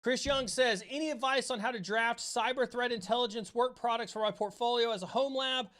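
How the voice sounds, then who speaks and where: Here the streamer's voice is very high-pitched, a bit bright, and a little fast. Broadcasting from his home setup, he gives a fervent motivational speech full of casual cursing and repeated lines, then turns to viewer questions.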